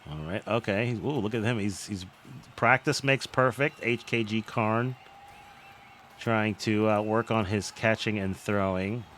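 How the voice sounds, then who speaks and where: A man casting a live online game match, excitable and jokey, often cracking up with laughter. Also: fairly low pitch, unhurried, a little hiss or hum. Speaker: game commentator. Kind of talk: live esports commentary.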